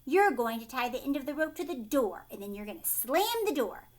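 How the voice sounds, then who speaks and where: A woman voicing a young boy with a sore loose tooth, yelling loudly in pain. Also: high voice, big pitch swings, a little fast. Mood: eager. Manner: loud pained yelling.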